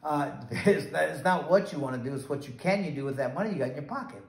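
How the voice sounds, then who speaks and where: A middle-aged man, a former boxer, tells a rambling anecdote and acts out the dialogue. His voice sits a touch high. The room echoes around him. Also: lively intonation, fast. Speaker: former boxer, bail bondsman. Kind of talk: casual storytelling interview.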